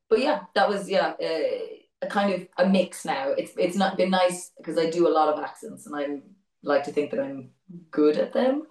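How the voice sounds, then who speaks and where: A woman's voice: sits low, darkish tone. Chatty Irish woman in an echoey room. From Ireland. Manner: chatty, laughs often, restarts words. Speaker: voice actor guest. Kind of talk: casual interview chat. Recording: echoey room, distant mic.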